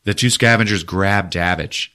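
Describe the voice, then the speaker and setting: A man hosting a podcast, giving a profane, animated comic retelling of a movie. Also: low-pitched, normal speed. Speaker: podcast host.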